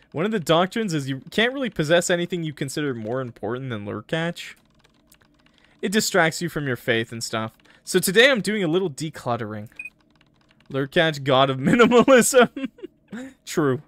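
A man's voice: a little high, big pitch swings, moderate pace, fairly bright tone, dry recording. A man streaming a game, chatting casually with his viewers and laughing often. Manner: laughs often, joking with chat. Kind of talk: casual gameplay commentary.

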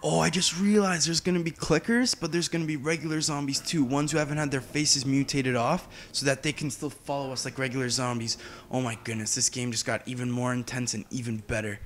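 A man chats his way through a video game, talking casually and exclaiming often. His voice sits at an ordinary middle pitch. A faint background hiss runs beneath it. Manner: excitable, chatty, quick to exclaim. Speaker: gameplay commentator. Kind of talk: casual let's-play commentary.

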